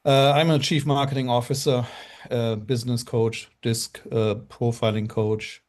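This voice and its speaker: A man's voice: medium pitch, level tone, measured pace, darkish tone. A middle-aged man from Germany with a German accent, earnestly telling his story as a guest with lots of fillers. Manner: earnest, rambling with many fillers. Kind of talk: casual storytelling on a live show.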